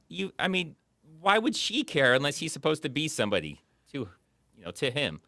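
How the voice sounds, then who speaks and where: A man co-hosting a casual chat about movies, rambling and animated, with lots of fillers. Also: fairly high pitch, normal speed, dry recording, studio quality. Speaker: podcast co-host.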